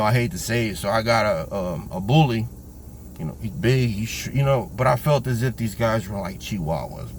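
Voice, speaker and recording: A man tells a personal story in a loose, slangy way, full of energy, and drops into the voices of the people he is quoting. His voice sits at an ordinary pitch for a man. A faint hiss of background noise runs under him. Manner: animated, acts out quoted voices, slangy. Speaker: vlogger telling a personal story. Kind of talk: casual storytelling.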